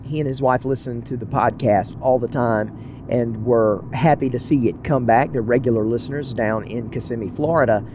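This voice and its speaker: A man's voice: medium pitch, moderate pace, mellow, a little hiss or hum. A man hosting a podcast, chatting casually and earnestly to listeners from inside his car as he drives. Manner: earnest, rambling, self-deprecating. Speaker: podcast host. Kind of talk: casual solo chat while driving.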